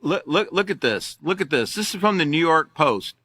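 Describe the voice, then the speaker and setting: A man's voice: fairly high pitch, lively intonation, moderate pace, pushed and bright, no room sound, studio quality. An older man teaching a class, reading news articles aloud and mocking them with sarcasm, repeating himself as he goes.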